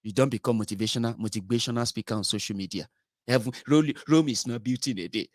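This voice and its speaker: A Nigerian man with a Nigerian accent hosts a political commentary show, delivering an animated, mocking monologue that blends English, Pidgin and Yoruba. He talks fast in a mid-range voice. The recording is dry and of studio quality.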